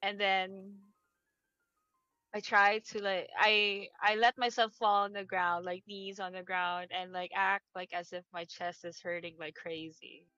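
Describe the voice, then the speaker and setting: A woman's voice: medium pitch, level tone, a little slow, pushed and bright, clear, resonant tone, no echo, dull audio, soft background music. A woman playing a tabletop role-playing game over voice chat. She describes her character's actions in a chatty way, with many fillers and a lot of laughing. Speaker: player.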